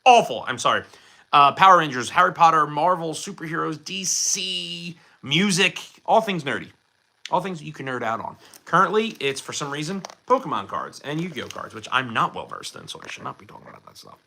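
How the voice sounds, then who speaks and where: A man's voice: fairly high pitch, sing-song, fairly quick, bright, forceful tone. A young man chatting casually on a live stream, rambling and answering viewers' questions about his collection.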